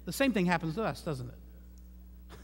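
A man's voice: sits high, big pitch swings, measured pace, slightly rough. A man preaching a sermon as pastor in a church, conversational, with joking asides. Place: church sanctuary. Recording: long hall reverb.

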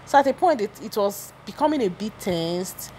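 A woman's voice: medium pitch, animated, moderate pace, darkish tone, slight background noise. A woman giving a chatty, opinionated gossip recap, often restarting her sentences. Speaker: celebrity gossip vlogger.

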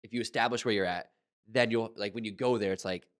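A man's voice: fairly low pitch, fairly even intonation, fast talker. A man hosting a casual interview in a laid-back manner. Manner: laid-back, lots of "like" fillers. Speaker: interview host.

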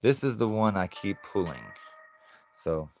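A man's voice: lowish voice, expressive, a little slow, darkish tone, soft background music. A man chatting casually on a live stream as he opens card packs, easygoing and laughing often.

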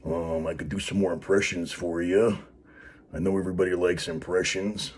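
A man's voice: sits low, steady tone, moderate pace, slight background noise. A man hosting a wrestling vlog, talking in a loose, rambling way with lots of fillers. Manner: rambling, filler-heavy, laid-back. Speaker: wrestling show host. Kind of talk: casual vlog.

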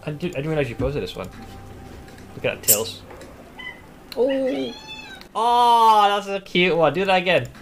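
A man streaming a game, commenting live, swearing often and yelling when startled. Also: high-pitched, very animated, measured pace, pauses often.

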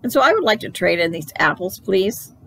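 A woman voicing an excitable kindergarten girl in a storybook read-aloud, loud and dramatic. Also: mid-range voice, a little fast. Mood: polite.

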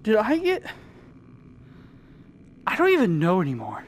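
A woman hosting her own gaming channel, chatting and joking through a VR game and breaking into loud yells. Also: wildly swooping pitch, unhurried. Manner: chatty, jokey, bursts into high yelling. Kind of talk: casual gameplay commentary.

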